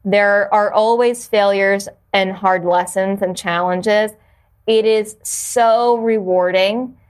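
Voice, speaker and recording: A woman at a middle pitch talks earnestly about purpose in a casual interview. Her pace is reflective, and she often restarts phrases while searching for the right words. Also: steady tone, takes it slowly. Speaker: podcast guest, yoga teacher.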